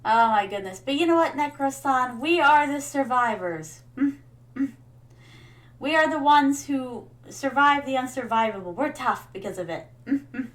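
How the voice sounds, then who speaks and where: A woman's voice: high-pitched, expressive, moderate pace. A woman streaming a game, chatting casually and telling stories to viewers she calls her darlings. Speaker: VTuber streamer.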